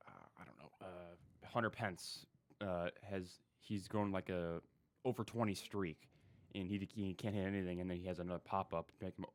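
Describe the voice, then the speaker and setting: A man co-hosting a casual baseball talk show, speaking haltingly with many fillers and restarts. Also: low voice, steady tone. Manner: halting, lots of ums and restarts. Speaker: podcast co-host.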